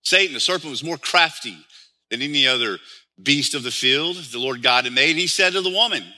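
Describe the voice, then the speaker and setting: Male pastor, sermon delivery, very bright and forceful tone, keeps asking rhetorical questions. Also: on the high side, animated, fairly quick. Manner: explains scripture with frequent rhetorical questions.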